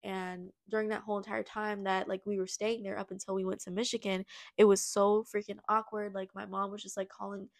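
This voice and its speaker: A woman's voice: mid-range voice, flat delivery, fairly quick, gravelly. A young woman podcast host telling her personal story in a confessional way, acting out the dialogue as she recounts it.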